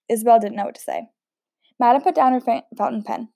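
A woman's voice: on the high side, fast talker, vocal fry, mellow, no room sound, clean studio sound. A woman reading a novel aloud in a casual way, stumbling over words now and then and chatting between passages. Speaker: audiobook reader.

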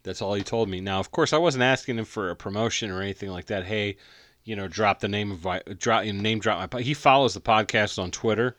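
A man's voice: lowish voice, quick pace, fairly bright tone, no echo, studio quality. A man in his forties co-hosting a podcast, tipsy and rambling as he tells a story with plenty of swearing. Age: 40s. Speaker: podcast co-host. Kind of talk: drunken casual chat.

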